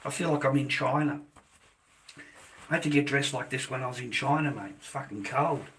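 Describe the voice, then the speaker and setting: Middle-aged Australian man, foul-mouthed livestream rant, bright and forceful tone. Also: mid-range voice, a little fast, a little hiss or hum. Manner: profane, blunt, talks to his chat.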